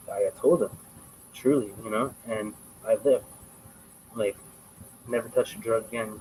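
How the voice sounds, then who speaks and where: A man's voice: fairly low pitch, a little hiss or hum, poor audio. A man in his twenties on a livestream, telling a story casually and with emphasis, rambling and swearing freely. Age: 20s. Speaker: livestream host.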